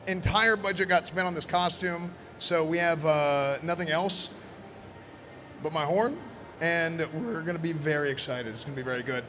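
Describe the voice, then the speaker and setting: A man presenting in costume at a live event, joking and rambling loudly. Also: on the high side, fairly even intonation, normal speed, soft background music. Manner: playful, rambling, loud. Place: convention event floor. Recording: noisy convention floor.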